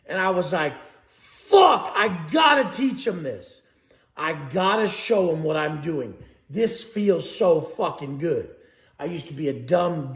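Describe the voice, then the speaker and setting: A man's voice: on the high side, fairly bright tone, reverberant. A man giving a blunt, profane motivational talk as a coach, preaching to his audience.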